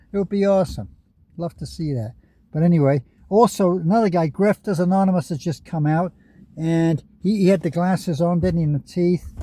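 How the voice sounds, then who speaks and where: A man's voice: fairly high pitch, dark tone. A man in a parked car giving casual, rambling commentary on other YouTubers, chatty and often chuckling.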